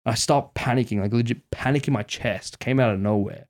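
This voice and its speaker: A man's voice: mid-range voice, fairly quick. A young man telling his mates a story in casual chat, swearing a lot and acting out his own panicked thoughts. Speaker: podcast host.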